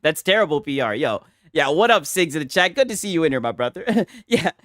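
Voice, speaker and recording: A man's voice: fairly high pitch, sing-song, a little fast, fairly bright tone, no room sound, clean studio sound. A man hosting a casual reaction stream, talking in a crude, mocking and profane way. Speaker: streamer host.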